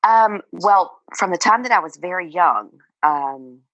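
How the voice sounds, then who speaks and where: Low-voiced woman, halting and chatty. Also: expressive, a bit bright, dry recording, dull audio. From Virginia, United States. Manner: hesitant, many fillers and restarts, laughs often. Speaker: guest author. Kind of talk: casual interview chat.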